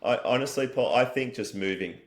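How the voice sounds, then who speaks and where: An Australian man, a wellness company founder, talking as a guest in an energetic, matey interview style and swearing casually. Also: mid-range voice, fairly quick.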